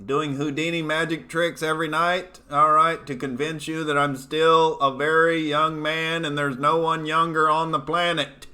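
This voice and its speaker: Sarcastic comedian host from Oklahoma. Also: male voice, a little high, level tone, moderate pace, hardly any pauses, bright, forceful tone. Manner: sarcastic, self-mocking, swearing freely. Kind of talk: casual livestream commentary. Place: home studio apartment.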